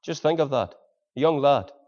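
Earnest preacher, lo-fi. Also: male voice, fairly high pitch, expressive, normal speed, darkish tone. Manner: earnest, pleading rhetorical questions. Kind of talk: sermon. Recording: dull lo-fi sermon recording.

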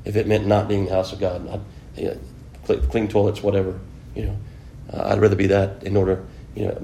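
He talks at a quick pace in a low-pitched, level, warm voice with vocal fry, and there's slight background noise. The setting is an informal Bible lesson where he chats with the class, poses questions, and says "you know" repeatedly.

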